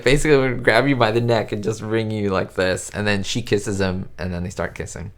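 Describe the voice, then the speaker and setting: A chatty man whose first language is Spanish hosts a live-stream chat with a slightly low voice. He rambles, restarts his sentences and greets viewers by name. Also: fairly even intonation, normal speed, few pauses, a bit bright. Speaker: YouTube host answering live chat. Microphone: webcam setup.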